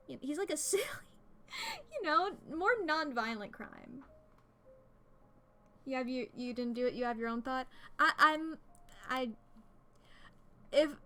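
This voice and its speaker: A woman's voice: on the high side, a bit bright. A woman streaming a game, chatting to her viewers in a rambling, giggly way, close to a desk microphone. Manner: rambling, giggly, talks to chat. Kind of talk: casual gaming stream commentary.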